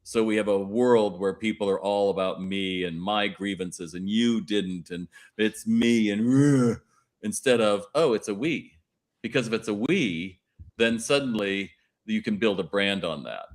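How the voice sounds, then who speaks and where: Lively low-voiced storytelling man. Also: unhurried. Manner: animated storyteller acting out dialogue. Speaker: retail consultant and keynote speaker. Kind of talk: podcast guest chat.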